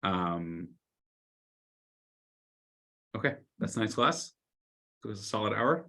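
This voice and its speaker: A man, a rabbi, telling a story in a weekly Torah class, loudly acting out the scolding characters. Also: on the low side, slow. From United States. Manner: animated storyteller, shouts the lines of scolding characters.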